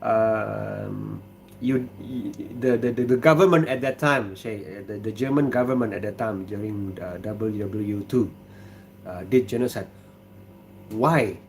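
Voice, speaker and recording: An Indonesian man with an Indonesian accent hosts a casual livestream from his kitchen, reading viewer comments aloud in a relaxed, halting way. His voice is fairly low and gravelly, with slight background noise.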